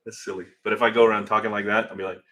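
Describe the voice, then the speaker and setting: A man's voice: on the low side, level tone, fairly quick, fairly bright tone. A middle-aged man hosting a casual livestream from his garage, rambling as he reads viewer comments aloud into a phone. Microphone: phone camera.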